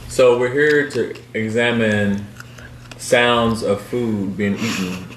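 Very low-voiced woman quizzing kids. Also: slow. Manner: playful, prompting with questions. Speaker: host interviewing students. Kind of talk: casual kids' radio interview. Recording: echoey room with steady noise.

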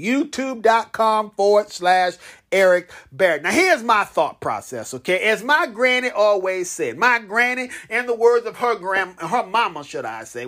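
Young guy hosting his podcast, super animated, voice all over the place, joking and chanting with listeners. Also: high voice. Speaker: podcast host. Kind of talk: casual podcast announcements.

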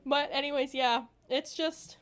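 Young woman, podcast co-host, rambling casual chat, lots of fillers, slightly high voice. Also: steady tone, measured pace, a bit bright, a little hiss or hum. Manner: rambling, laughs a lot, many fillers.

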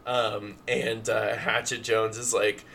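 A man's voice: fairly low pitch, takes it slowly, creaky, slight background noise. A man co-hosting a comedy podcast, riffing an improvised story with lots of fillers. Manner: animated, full of fillers. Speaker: co-host.

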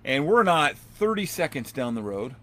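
Bright-voiced man telling a story. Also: on the high side, moderate pace. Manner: rambling, animated, acts out quotes. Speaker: podcast host. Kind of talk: casual storytelling.

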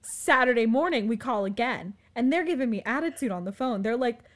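A woman's voice: a little high, a little fast. Chatty woman telling a story. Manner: animated, filler-heavy, frequent "like". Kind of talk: casual storytelling chat.

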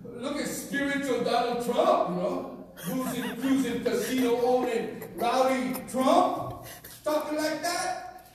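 A middle-aged man from Arizona preaching a sermon in an animated, colloquial way, often laughing. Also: very high voice, measured pace. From Arizona, USA. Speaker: pastor. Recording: very echoey hall from far off, faint noise.

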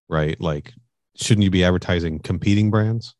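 A man with a very low, deep voice chats casually on a podcast. He tells his stories in a relaxed, rambling way and often ends with a quick "you know?". The sound is close and dry, with no room echo. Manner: laid-back storyteller, trails off with "you know?". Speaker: podcast co-host. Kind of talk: casual chat.

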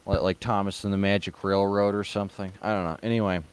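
A man's voice: sits low, little pitch movement, fast talker, clean tone. A man hosting an online show, giving casual and sarcastic reaction commentary in a mocking tone. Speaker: online video host.

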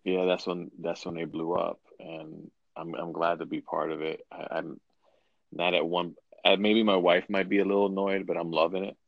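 A man's voice: low voice, little pitch movement, normal speed, gravelly, no echo, dull audio. A man hosting a casual podcast chat, rambling with frequent restarts. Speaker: podcast host.

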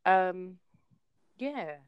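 A woman's voice: lowish voice, very slow, clean tone, no echo, dull audio. Australian woman telling stories, dry sound. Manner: animated storyteller, laughs often. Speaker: podcast co-host. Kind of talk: casual chat.

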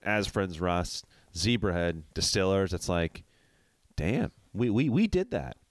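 A man's voice: low voice, big pitch swings, unhurried, no room sound. A man co-hosting a podcast in casual chat, sounding stuffy and nasal from a cold, talking candidly and with enthusiasm. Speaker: podcast co-host.

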